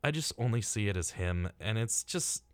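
A man's voice: lowish voice, lively intonation, normal speed, dry recording. A young man co-hosting a casual college radio talk show, rambling with lots of fillers and laughing often.

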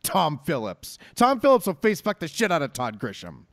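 A man's voice: on the high side, huge pitch swings, moderate pace, no room sound. A man hosting a podcast in casual chat, riffing with a profane, mock-hyped manner. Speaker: podcast host.

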